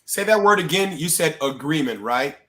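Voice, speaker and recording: A man hosting a conversation, with a bright, forceful voice that sits a little high for a man. He nudges his guest along with quick, encouraging affirmations. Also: lively intonation.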